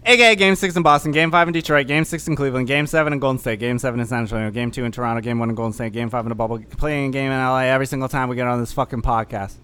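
A man co-hosting a podcast over an online voice call, riffing loosely, swearing and breaking into bursts of yelling. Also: medium pitch, fairly even intonation, very fast, hardly any pauses, clean tone. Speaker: podcast co-host. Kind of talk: rowdy casual chat on a call.

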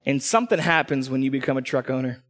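A man from Texas preaching a sermon as pastor, animated and storytelling, acting out what people say. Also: mid-range voice, fast. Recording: long hall reverb.

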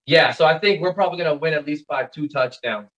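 A young man from the Pacific Northwest, a podcast guest telling stories excitedly in casual chat, with fillers. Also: fairly high pitch, fast talker. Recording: dull lo-fi sound.

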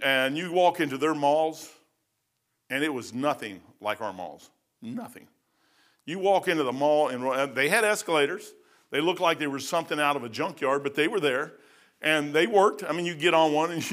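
A man's voice: a little high, fairly bright tone. A middle-aged man preaching a sermon, folksy and blunt, telling stories between scripture. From United States. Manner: folksy, blunt, conversational, many fillers and asides.

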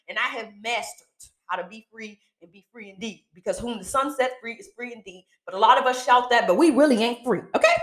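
Woman, podcast ministry host, casual preaching, slangy and animated, higher voice, roomy echo. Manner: animated, repeats herself, asks "okay?" often; slangy, down-to-earth. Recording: echoey room.

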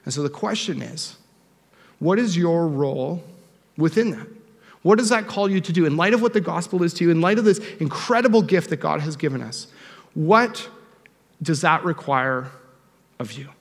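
Young pastor preaching in a reverberant church. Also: male voice, a little high, a little fast, creaky. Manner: animated, joking, conversational preaching. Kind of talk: sermon. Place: church sanctuary. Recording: long reverb of a church hall.

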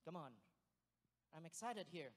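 High-voiced excitable preacher in a reverberant hall. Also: male voice, unhurried. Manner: excitable, animated, loud bursts and laughs. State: sweating, short of breath at times. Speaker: pastor. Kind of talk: sermon. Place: church hall.

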